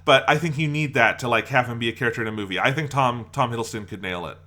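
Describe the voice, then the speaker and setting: A man's voice: mid-range voice, fast talker, pushed and bright. A man co-hosting a podcast, chatting casually and enthusiastically, rambling a bit and laughing often. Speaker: podcast co-host. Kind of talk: casual chat.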